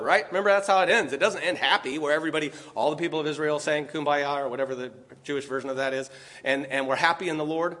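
A man's voice: on the high side, quick pace, bright, forceful tone. A man preaching a sermon, reading scripture aloud and putting rhetorical questions to his listeners. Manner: emphatic, reads scripture aloud, asks the audience questions.

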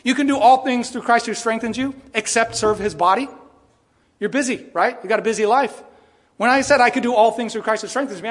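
A man's voice: very high voice, a bit bright, in a large hall. A middle-aged male pastor preaching a sermon, firing rhetorical questions and briefly mimicking other voices.

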